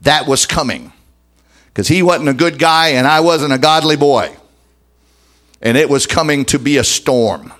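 A man preaching a sermon as pastor, emphatic and dramatic, speeding up and slowing down for effect. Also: on the high side, fairly bright tone.

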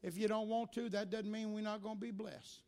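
A man preaching at a church service, telling stories with animation and building to shouted preaching. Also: sits high, level tone, brisk. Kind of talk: sermon with storytelling. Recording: music under the preaching. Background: church music.

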